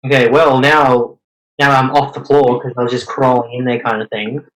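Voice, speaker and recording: Casual male player, mid-pitched. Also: level tone, moderate pace, fairly bright tone, poor audio. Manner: casual, unsure, asks about the rules. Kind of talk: casual tabletop game talk.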